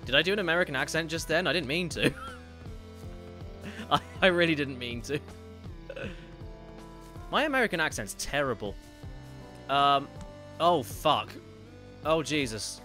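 A man commentates a live game stream, cracking jokes and reading out donations. His voice is somewhat high and bounces all over. Faint music sits behind him. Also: sharp tone. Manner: joking, self-deprecating, reads out donations.

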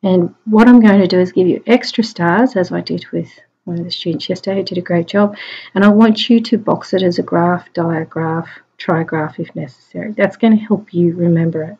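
A woman's voice: lowish voice, measured pace, darkish tone, breathy edge. A woman teacher giving a spelling lesson online, sounding out words phoneme by phoneme in a chatty, encouraging way. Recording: dull lo-fi home recording.

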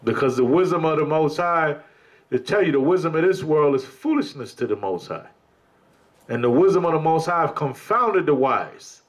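A man's voice: a little high, expressive, moderate pace. Emphatic man preaching a sermon. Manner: emphatic, repeatedly addresses listeners as brother; colloquial preaching, rising and falling emphasis.

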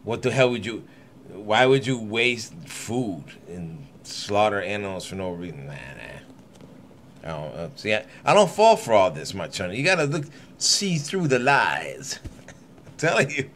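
Low-voiced man rambling through scripture. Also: sing-song, unhurried, a bit bright, a little hiss or hum. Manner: rambling, laughing asides, irreverent. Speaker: channel host reading scripture. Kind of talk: casual scripture reading with running commentary.

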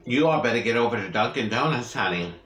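A woman's voice: very deep voice, lively intonation, fast, fairly bright tone. Playful woman chatting between bites, roomy echo. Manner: playful, joking, savoring bites with long hums. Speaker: mukbang vlogger. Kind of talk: casual eating vlog chat.

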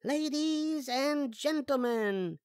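An older man reading a storybook aloud, putting on a high falsetto voice for a bossy, theatrical little girl who fancies herself a star. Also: very animated, measured pace, no room sound, clean studio sound, full character voice. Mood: showy announcing.

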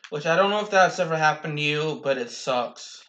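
A young man casually commentating his own gameplay, rambling slowly with restarts, bothered by hiccups and coughs. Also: on the high side, lively intonation, a bit bright, dull audio.

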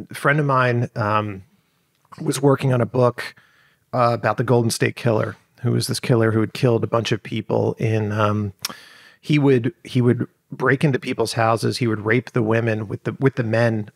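A man's voice: medium pitch, gravelly, no echo, studio quality. A male journalist telling a long story in a podcast interview, rambling with many fillers and restarts. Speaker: journalist guest. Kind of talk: conversational storytelling.

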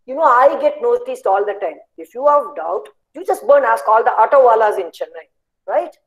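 A woman voicing Yellow, a personified color who craves attention. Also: fairly high pitch, expressive, fairly quick, lightly acted, rough recording. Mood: boastful. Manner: boasting, shouting for attention.

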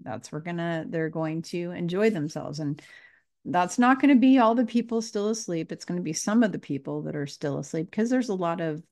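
A woman giving an earnest, casual spiritual talk, repeating phrases and pausing with fillers as she grows emotional. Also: lowish voice, darkish tone. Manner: earnest, emotional, pauses to collect herself. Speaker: spiritual teacher.

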